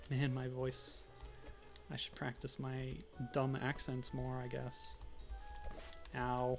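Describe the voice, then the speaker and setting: A man's voice: mid-range voice, monotone, takes it slowly, creaky, soft background music. A man streaming a game, chatting casually in a rambling, self-deprecating way. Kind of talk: casual let's-play chat.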